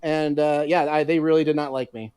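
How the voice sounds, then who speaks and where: A man chatting casually on a podcast, telling animated, profanity-laced stories. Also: fairly high pitch, fairly quick, smooth, no echo, studio quality. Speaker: podcast co-host. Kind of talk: casual chat.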